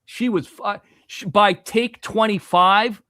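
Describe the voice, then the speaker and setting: A man in his forties, originally from Florida, telling a long story as a podcast guest, animated and profane, full of restarts and asides. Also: high voice, slow pace, dry recording, clean studio sound.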